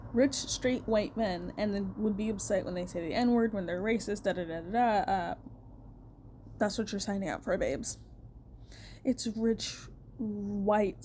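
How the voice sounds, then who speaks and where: A woman's voice: mid-range voice, a little mellow, slight background noise. A young woman telling a personal story in a casual rant, blunt and heated, swearing a lot. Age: young adult.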